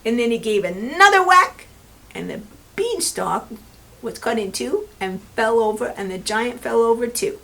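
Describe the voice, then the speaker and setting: Gentle woman reading to children. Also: fairly high pitch, animated, moderate pace, vocal fry. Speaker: children's librarian. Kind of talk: children's story time reading.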